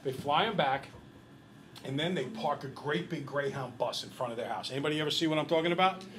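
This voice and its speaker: A man's voice: a little high, brisk, low-quality recording. Chatty man teaching a classroom math lesson. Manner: lively, chatty storyteller who quizzes the class. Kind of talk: classroom lecture with storytelling.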